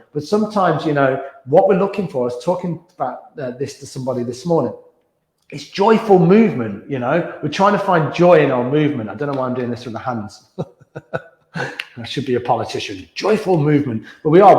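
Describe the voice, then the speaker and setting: A man teaching a gentle beginners yoga class, calmly cueing breaths and movements and chuckling now and then. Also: fairly high pitch. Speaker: yoga instructor. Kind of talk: guided yoga class instruction. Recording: echoey room.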